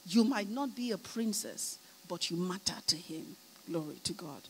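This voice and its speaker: A woman's voice: on the low side, expressive, moderate pace, husky. A Nigerian woman preacher telling a story in a sermon, emphatic and full of "you know," asking her listeners whether they are listening. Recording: long hall reverb, faint hum.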